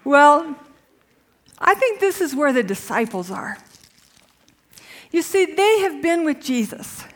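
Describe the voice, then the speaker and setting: A middle-aged woman preacher who opens with a soft, hushed prayer and then tells stories in a lively way. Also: high-pitched, slow, long pauses. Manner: hushed, prayerful when praying, lively storytelling after. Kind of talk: sermon with prayer and storytelling.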